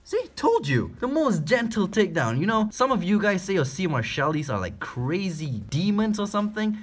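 A man hosting a casual feeding vlog, excitable, laughing often and coaxing his animals. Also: high-pitched, normal speed, few pauses. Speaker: exotic pet keeper and channel host.

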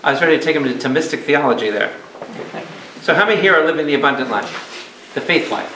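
A man's voice: a little high, animated, fast talker, bright, forceful tone, slight background noise. A man, a priest leading a Bible study for a live group, who speaks emphatically and keeps firing questions at his listeners. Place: a meeting room or church hall with a live audience. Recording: echoey room.

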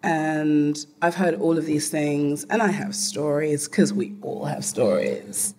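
A woman's voice: low voice, takes it slowly, darkish tone, slightly rough. A woman at a live panel telling a blunt, candid story, swearing freely.

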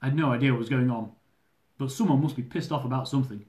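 A man's voice: mid-range voice, very fast. Man telling a comic story aloud. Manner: lively, dramatic storytelling with comic swearing. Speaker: author reading his own book. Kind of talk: live reading of a humorous travel memoir. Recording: roomy echo.

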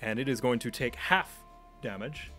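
A man narrating a tabletop session as its game master, calm and descriptive. His voice sits at a middling pitch, and soft music plays faintly behind him. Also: normal speed.

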